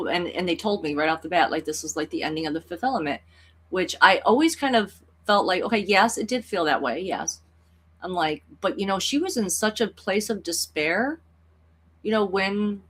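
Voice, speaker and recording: A woman's voice: lowish voice, a bit bright, husky. A woman tarot reader talking through a personal story in a rambling, earnest way, full of "like" and "you know.". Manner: earnest and emotional. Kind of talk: reflective personal vlog.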